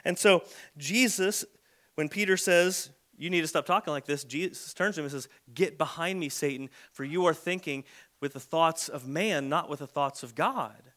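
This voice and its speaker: Casting: male pastor, slightly high voice with a bright edge, chatty sermon delivery. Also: normal speed. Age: adult with a son. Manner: conversational preaching, acts out quoted lines.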